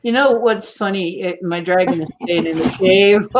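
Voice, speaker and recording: A woman's voice: mid-range voice, noisy background. A woman hosting a casual livestream chat, teasing and laughing often as she talks. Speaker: livestream host.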